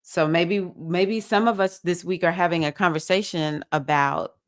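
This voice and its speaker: Speaking at a moderate pace in a fairly low voice, a Southern-accented woman leads a women's spiritual circle over livestream. Her talk is earnest and preachy, punctuated by excited bursts.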